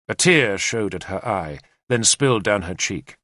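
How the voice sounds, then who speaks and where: A man narrating a historical novel in first person, measured and expressive. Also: on the low side, no room sound, studio quality. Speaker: audiobook narrator.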